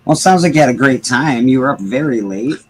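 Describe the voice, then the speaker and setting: A man's voice: mid-range voice, lively intonation, fast talker, slight background noise, poor audio. A man hosting a live stream, chatting in an easygoing, joking way. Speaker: host of a live comics stream. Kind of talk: casual chat.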